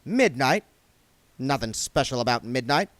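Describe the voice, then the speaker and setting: A man's voice: mid-range voice, sing-song, measured pace, a bit bright, dry recording, voice pushed up. A man doing a stern old witch woman, dry. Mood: firm. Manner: firm, dry, plain-spoken rural speech. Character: stern old female witch, quietly formidable.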